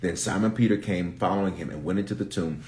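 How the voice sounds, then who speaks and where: This bishop talks fast in a low, slightly mellow voice while teaching scripture on a spur-of-the-moment live stream. Emphatic and repetitive, he urges listeners to pay attention, ramping up in intensity as he goes.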